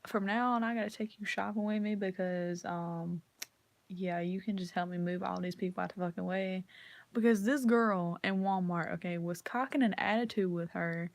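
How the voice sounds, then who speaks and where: A woman's voice: medium pitch, normal speed, dry recording. A woman ranting casually to camera, swearing freely and acting out the people in her stories. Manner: profane, animated storytelling, acts out quotes. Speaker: vlogger.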